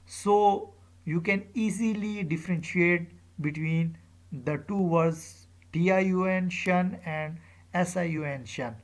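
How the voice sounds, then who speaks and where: An English teacher giving a pronunciation lecture, saying each example word twice and spelling out word endings letter by letter. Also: mid-range voice. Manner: says each example word aloud two or three times; deliberate, with spelled-out letters and frequent "uh".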